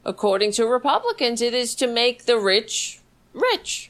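A woman's voice: fairly high pitch, very animated, moderate pace, fairly bright tone. A middle-aged woman hosting a stream, delivering angry political commentary in a scornful, insulting, sarcastic way. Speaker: livestream host.

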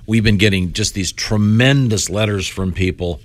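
A man's voice: lowish voice, normal speed, dry recording. An older man hosting a radio show in casual banter, reading listener letters aloud and chuckling.

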